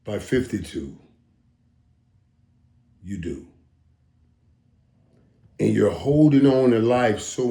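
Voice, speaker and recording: A man's voice: gravelly, a little mellow. Emphatic middle-aged man in an echoey room. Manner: emphatic, stammering restarts, drops to low mutters. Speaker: host. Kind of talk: casual reaction monologue. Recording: roomy echo.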